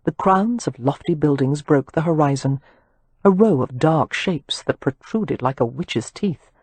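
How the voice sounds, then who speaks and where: A woman narrates an audiobook with lively, expressive storytelling. Her pitch swings widely and her voice has a soft husky grain. The recording is close and bone dry. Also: unhurried, no room sound.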